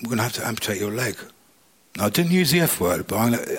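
A man telling his own life story to an audience, animated and acting out the conversations he recalls. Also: medium pitch, fast talker, slightly rough. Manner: animated storyteller, acts out dialogue. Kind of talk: personal testimony to an audience.

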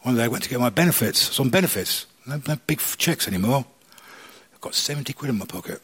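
A man telling his own life story to an audience, animated and acting out the conversations he recalls. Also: medium pitch, fast, breathy edge. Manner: animated storyteller, acts out dialogue. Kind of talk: personal testimony to an audience.

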